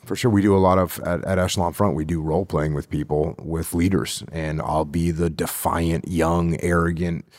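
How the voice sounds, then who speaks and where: Speaking as a leadership instructor, a middle-aged man answers interview questions with a deep, darkish voice and a level tone. He is deliberate and repeats phrases for emphasis, and the recording is dry.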